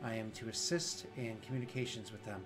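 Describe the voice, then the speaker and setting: A man's voice: lowish voice, brisk, pitched below the performer's own voice, natural voice. Stiff courteous assistant AI guy, man doing it in his normal voice, faint music behind. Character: polite male ship assistant AI.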